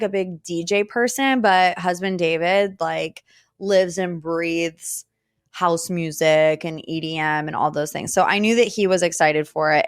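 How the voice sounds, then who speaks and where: A woman's voice: on the low side, dry recording. Chatty woman telling stories, dry close mic. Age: 30s. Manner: chatty, dramatic, animated storytelling. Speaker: podcast host. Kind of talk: casual solo chat. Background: faint weed whacker outside.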